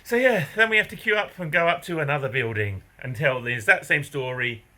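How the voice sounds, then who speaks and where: A man's voice: on the high side, a little fast, pushed and bright. A man from England with an English accent, telling a story to camera in a casual vlog, swearing casually and laughing often. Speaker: vlogger.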